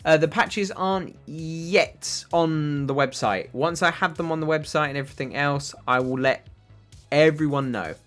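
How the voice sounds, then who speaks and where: A man's voice: a little high, moderate pace, fairly bright tone, faint music behind. A British man hosting a casual livestream, answering viewers' chat in a rambling way with lots of ums and uhs. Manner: rambling, filler-heavy, answers chat questions. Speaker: livestream host reading chat.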